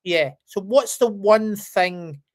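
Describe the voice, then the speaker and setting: A man's voice: sits high, slow. A middle-aged man speaking as a guest in a live-stream interview, hesitant and searching, often restarting his questions. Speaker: guest, company chief executive.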